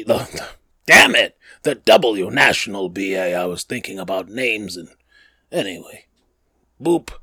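Slow, low-voiced man rambling as a podcast host. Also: sharp tone, no echo. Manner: rambling and joking, with many fillers and self-corrections. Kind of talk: casual podcast chat.

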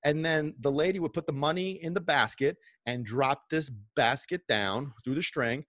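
A middle-aged man casually telling stories from his past in a rambling, animated way, with many restarts. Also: on the high side, moderate pace, no room sound, clean studio sound. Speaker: vlogger. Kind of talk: casual nostalgic storytelling.

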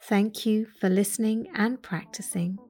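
A woman with a British accent, a yoga teacher leading a slow, soothing guided breathing meditation with long pauses. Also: medium pitch, steady tone, dark tone.

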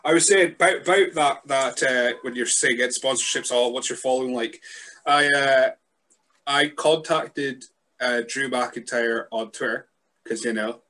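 A man hosting a podcast, chatting casually in a deadpan, joking way. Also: medium pitch, unhurried. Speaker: podcast host.

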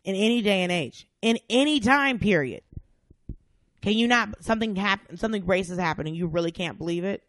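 A woman's voice: mid-range voice, brisk, dry recording. Blunt, profane woman from the South. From American South. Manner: blunt, profane, animated storytelling. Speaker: podcast guest, comedian. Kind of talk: casual chat.

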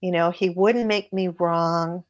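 A woman who writes about relationships, a podcast guest giving advice in a lively way and acting out bits of dialogue as she talks. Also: lowish voice, takes it slowly, highs cut off. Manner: animated, acts out dialogue in her stories.

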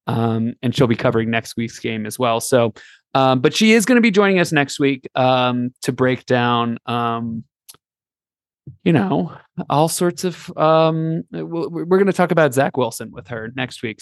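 A man's voice: on the high side, dry recording, studio quality. A man hosting a casual podcast, playful and rambling, with many fillers. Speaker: podcast host. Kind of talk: casual chat.

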